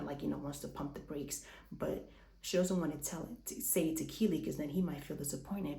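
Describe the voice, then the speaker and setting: A woman's voice: deep voice, gravelly, warm tone, roomy sound. A woman recapping a reality show in a casual, opinionated chat, a little out of breath, with restarts and sighs.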